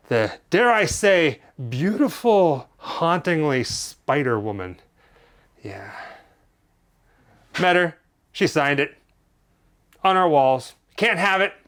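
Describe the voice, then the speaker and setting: A man's voice: a little high, fairly bright tone. A man co-hosting a collectors' vlog, showing items in a playful, jokey, showman-like way. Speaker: collector co-host.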